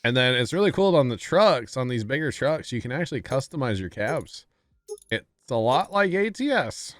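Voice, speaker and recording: A man's voice: mid-range voice, big pitch swings, normal speed, fairly bright tone, dry recording. Chatty man streaming a farming game. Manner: chatty, often apologizing to chat with laughs. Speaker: livestreamer. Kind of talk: casual gameplay commentary.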